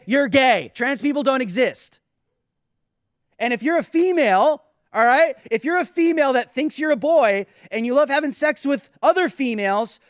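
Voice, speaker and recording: Man, show host, very high voice, dry recording, mocking emphatic rant. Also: a bit bright, dry recording. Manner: emphatic, mocking, talks to viewers as guys and dude. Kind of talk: ranting commentary.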